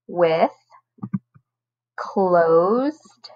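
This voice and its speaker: Woman teacher talking slow n patient to little kids, over-enunciates, kinda dull lo-fi sound. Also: mid-range voice, gravelly. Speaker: first grade teacher. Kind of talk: recorded online lesson for children.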